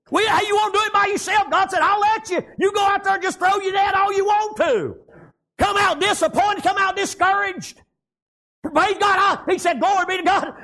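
A man preaching a sermon, shouting lines and dropping low, with frequent amens.

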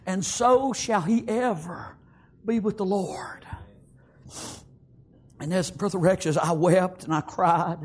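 A man preaching an emotional funeral sermon in a church, repeating himself and halting, then swelling into tearful, emphatic exclamations. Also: high-pitched, steady tone. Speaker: pastor at a memorial service. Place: church sanctuary.

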